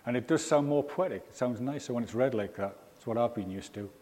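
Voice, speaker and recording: A man's voice: medium pitch, fast, darkish tone. A man from England giving an informal, rambling sermon in a church, full of ums and asides. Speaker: preacher. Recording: reverberant church hall.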